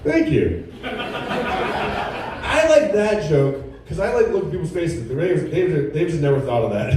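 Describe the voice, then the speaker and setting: A man in his thirties doing a stand-up comedy set with a laid-back, deadpan delivery at a comedy club. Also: a little high, slow pace, long pauses, very echoey, far from the mic, crowd noise, rough recording. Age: 30s. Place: comedy club with a live audience.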